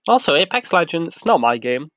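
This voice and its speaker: A man's voice: fairly high pitch, big pitch swings, fairly quick, a bit bright. A man co-hosting a podcast, leading the segments by reading out news items in casual chat, often laughing. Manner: leads the segments, giggly. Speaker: podcast co-host.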